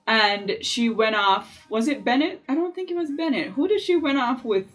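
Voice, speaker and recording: A woman's voice: a little high, moderate pace, soft background music. A woman chatting in a casual, opinionated way while doing her makeup for a beauty vlog. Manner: chatty, opinionated, lively asides. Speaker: beauty vlogger. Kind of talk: casual makeup tutorial chat.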